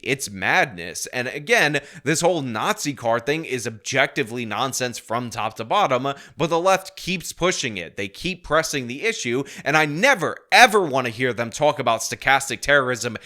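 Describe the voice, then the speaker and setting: Bright-voiced indignant male commentator. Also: mid-range voice. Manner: indignant, mocking mimicry of opponents. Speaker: political commentary host. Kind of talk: opinion commentary.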